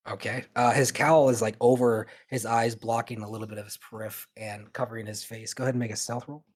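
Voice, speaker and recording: A man's voice: mid-range voice, fairly even intonation, fairly quick, a little mellow. A man narrating a tabletop game as game master, casual and full of fillers.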